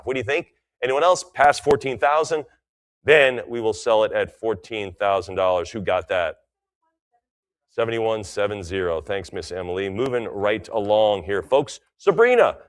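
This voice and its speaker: A middle-aged man working as an auctioneer, rattling off repeated bid calls at a live auction and dropping in chatty, enthusiastic asides between them. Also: on the low side.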